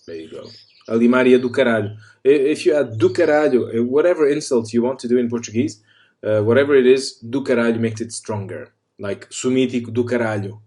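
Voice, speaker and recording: A man giving a casual spoken lesson, delivering insults and their translations in a wry, deadpan way. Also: mid-range voice, brisk. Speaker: language tutor.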